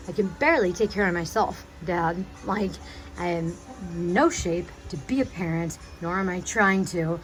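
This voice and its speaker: A young woman recording a pleading, emotional video message to her father, agitated and halting, often restarting her sentences. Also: medium pitch, low-quality recording. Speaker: vlogger addressing her father.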